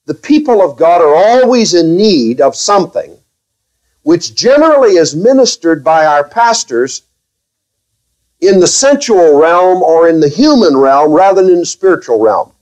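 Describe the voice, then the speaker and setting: A man preaching a sermon as pastor to his own congregation, speaking carefully, with restarts and wry, gently sarcastic asides. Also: sits high, big pitch swings, moderate pace, low-quality recording.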